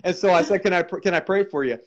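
A man with a slightly high voice tells a charismatic testimony, fervent and full of repeated words and restarts. The recording is dull and lo-fi. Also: fast talker. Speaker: minister sharing testimony.

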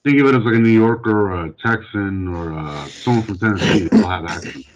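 A man's voice: fairly low pitch, brisk, dull audio, a crowd in the background. A man in casual podcast chat, loose and full of fillers.

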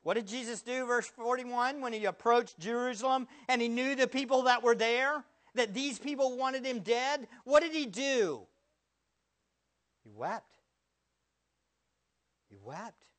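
Man preaching with sharp loud-soft swings. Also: very high-pitched, moderate pace, hardly any pauses. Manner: rhetorical questions to the congregation, sharp swings from loud to hushed. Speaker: pastor. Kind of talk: sermon.

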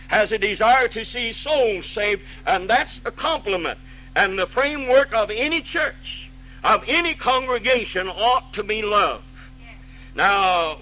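A man's voice: high voice, sharp tone, poor audio. A man preaching a sermon as pastor, folksy and plainspoken, quoting scripture and restarting phrases.

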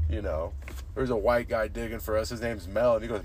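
A man's voice: mid-range voice, fairly even intonation, quick pace, a little mellow. A young man hosting a podcast, telling rambling, profane stories and saying "dude" constantly. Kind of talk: casual storytelling chat.

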